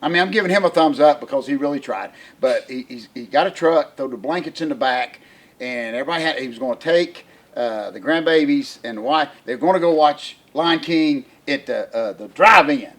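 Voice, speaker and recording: An older man, telling a family story in casual podcast chat, animated and laughing often. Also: mid-range voice, brisk. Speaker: podcast co-host.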